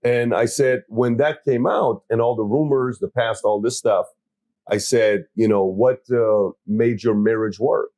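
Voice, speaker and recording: Mellow, husky-voiced male host. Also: on the low side, unhurried, no echo. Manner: reflective, questioning. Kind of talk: casual podcast chat.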